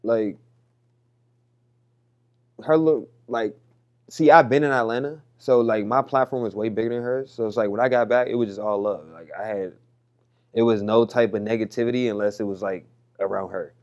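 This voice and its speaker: A man's voice: lowish voice, steady tone, moderate pace, long pauses, dull audio. A young man as an interview guest, talking loosely and candidly with lots of slang and swearing. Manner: loose, slangy, profane talk.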